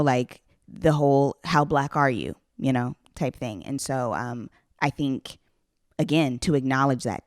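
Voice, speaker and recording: A podcast host asking measured, thoughtful questions in an interview. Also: mid-range voice, no echo, clean studio sound.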